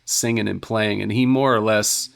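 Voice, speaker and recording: A man's voice: lowish voice, steady tone, normal speed, vocal fry, smooth. A man, a worship leader, telling his story as a podcast guest in an earnest, casual way with many "you know"s and restarts.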